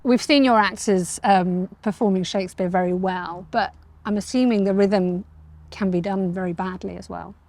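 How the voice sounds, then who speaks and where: A woman's voice: mid-range voice, steady tone, moderate pace, a little mellow. Woman interviewing on location. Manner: curious, conversational questions.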